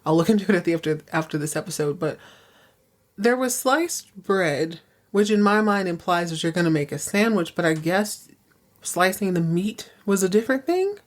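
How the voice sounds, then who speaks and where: A woman's voice: fairly low pitch, animated, normal speed. A woman hosting a podcast, recapping episodes in casual, sassy chat with many asides. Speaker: podcast host.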